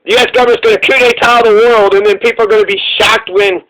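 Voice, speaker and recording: Guy with a really high voice ranting, swearing a lot, sarcastic and mocking. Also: steady tone, quick pace, a bit bright, poor audio. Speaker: political commentator. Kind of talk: profane ranting commentary.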